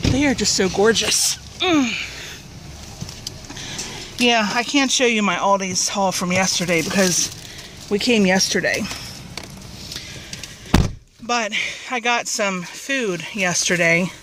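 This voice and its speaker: A woman with a medium-pitched voice speaks slowly, leaving long pauses, amid background noise. She's outside in a parking lot filming a haul vlog, rambling casually, slightly breathless, and full of fillers and restarts.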